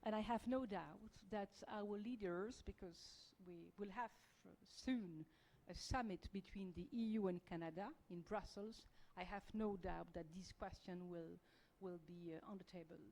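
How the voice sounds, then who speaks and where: A woman with a French accent speaks on a policy panel. Her delivery is halting, full of fillers and restarts. Her voice sits at an ordinary middle pitch. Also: a little mellow, low-quality recording. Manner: hesitant, many fillers and restarts. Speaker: panelist, EU diplomat. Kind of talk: panel discussion.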